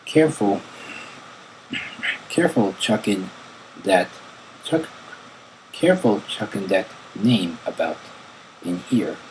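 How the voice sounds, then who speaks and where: A man voicing a surly, boastful male cartoon rock bassist stuck in prison, reading his lines from an interview aloud in a blunt, grumbling way. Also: big pitch swings, slow pace, pauses often, a little mellow, slight background noise, poor audio.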